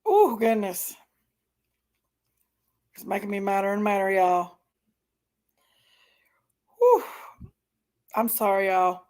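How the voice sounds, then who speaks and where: A woman's voice: medium pitch, steady tone, measured pace, long pauses, darkish tone. A woman hosting a live stream, reacting to videos with indignant, exasperated commentary to her chat. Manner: indignant, exasperated, keeps apologizing to viewers.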